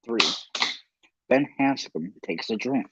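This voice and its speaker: A man's voice: mid-range voice, expressive, slow pace, slightly rough, dull audio. A man casually reading a novel aloud, stumbling over words, rereading lines and adding his own asides. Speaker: audiobook reader.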